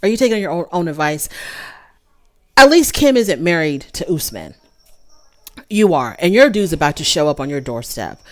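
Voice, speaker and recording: A woman hosting a casual TV recap, gossipy and animated, talking straight to her viewers. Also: low voice, moderate pace, pauses often. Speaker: reality TV recap host. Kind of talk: casual chat review.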